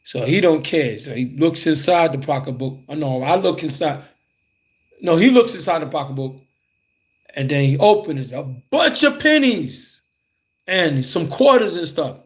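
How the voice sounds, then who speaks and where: A man with a fairly high voice tells a childhood tale in loose, conversational fashion. He keeps it animated and acts out the scenes as he talks. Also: normal speed. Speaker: storyteller. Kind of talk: casual spoken storytelling.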